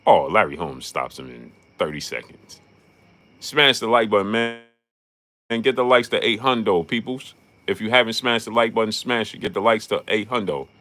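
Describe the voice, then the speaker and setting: A man's voice: fairly low pitch, expressive, normal speed, sharp tone. A man hosting a casual boxing livestream, greeting chat viewers and laughing often. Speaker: boxing talk show host.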